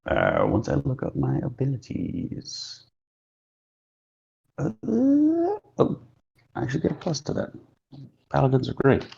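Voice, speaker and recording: A wry, joking man playing a tabletop game, heard through a dull lo-fi mic. His low, gravelly voice swings widely in pitch. The sound is muffled and thin. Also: huge pitch swings, normal speed, darkish tone. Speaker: player.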